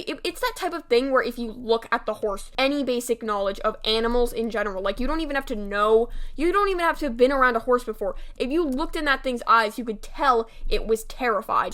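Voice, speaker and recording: A teenage girl ranting through a storytime vlog. Her voice sits a little high and sounds very bright and forceful. She swears freely and scatters "like" between her words. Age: teens. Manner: heated, swearing, lots of "like" fillers. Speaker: storytime vlogger. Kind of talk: casual storytime rant.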